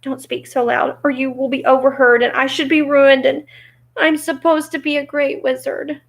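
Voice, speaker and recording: A woman's voice: high-pitched, flat delivery, moderate pace, creaky, pitched above the performer's own voice. A woman voicing a timid little old man who has posed as a great wizard, speaking meekly and shakily. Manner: trembling, meek.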